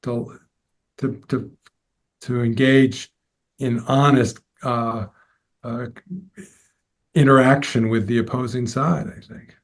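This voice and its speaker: Halting, thoughtful male law professor. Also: medium pitch, little pitch movement. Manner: halting, repeats words as he thinks. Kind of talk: conversational podcast discussion.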